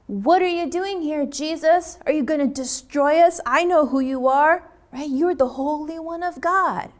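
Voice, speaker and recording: A woman's voice: high-pitched, measured pace, voice pushed up. A woman voicing a frantic possessed man who cries out in an urgent, accusing way. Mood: alarmed.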